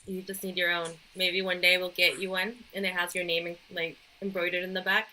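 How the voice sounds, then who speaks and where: A woman's voice: fairly low pitch, little pitch movement, brisk, pushed and bright, low-quality recording. A young woman co-hosting a podcast in casual chat, playful and teasing. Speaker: podcast co-host.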